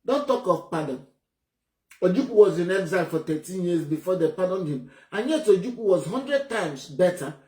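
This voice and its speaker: A man's voice: high-pitched, lively intonation, moderate pace, darkish tone. A man from Nigeria with a Nigerian English accent, giving heated, blunt political commentary. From Nigeria (Enugu State). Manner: indignant, emphatic, blunt. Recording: roomy echo.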